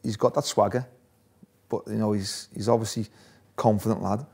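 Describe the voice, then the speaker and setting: A man's voice: on the low side, steady tone, normal speed, creaky, a little mellow, husky. A man, a former footballer, telling stories in a casual interview, laughing often. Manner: chatty, laughs often, restarts phrases.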